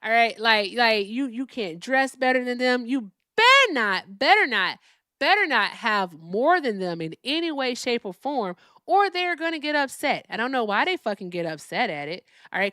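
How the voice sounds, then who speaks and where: Woman streamer, profane emphatic rant, lively pitch, dry close sound. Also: normal speed, no room sound. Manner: profane, emphatic, repeats "all right?" tags. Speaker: host. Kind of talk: live-stream political rant.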